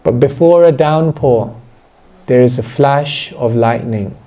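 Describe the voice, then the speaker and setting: A man giving a devotional seminar talk, soft and reflective, reading a passage and then commenting on it. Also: mid-range voice, slow. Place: indoor seminar hall.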